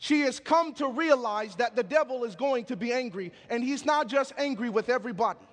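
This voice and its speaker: Man, preacher, sermon, very high voice, long hall reverb. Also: a little fast. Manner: storytelling, emphatic, call-and-response.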